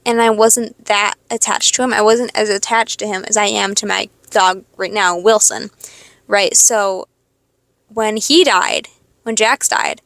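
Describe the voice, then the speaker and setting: A woman's voice: medium pitch, steady tone, unhurried, vocal fry, fairly bright tone, no room sound. A young woman hosting a podcast, telling a rambling, expletive-laden personal story in a casual confessional monologue. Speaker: podcast host.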